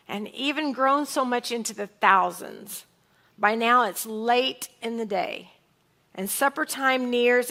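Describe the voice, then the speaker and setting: Woman pastor, fairly high, bright voice; expressive sermon delivery. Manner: expressive, reads scripture aloud and acts out lines in different tones. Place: church sanctuary.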